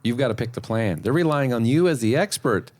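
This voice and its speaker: A man's voice: medium pitch, expressive, brisk, darkish tone. A man co-hosting a casual podcast about selling insurance, emphatic and playful as he explains his points. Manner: emphatic and playful, acts out client exchanges. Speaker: podcast co-host and insurance sales trainer.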